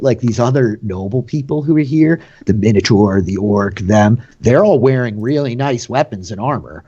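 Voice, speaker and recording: A man narrating a tabletop game as game master, in a casual, rambling way with a slightly husky voice. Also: mid-range voice, lively intonation, moderate pace, hardly any pauses, dark tone, muffled recording.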